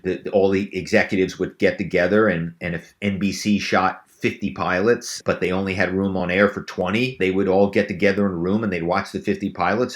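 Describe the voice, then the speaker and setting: A middle-aged man with a somewhat low voice tells lively stories from his past. He talks casually, with frequent fillers and restarts, and builds momentum as he goes. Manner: animated storyteller, many fillers and restarts. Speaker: guest, former actor and phone spy. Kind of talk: casual interview storytelling.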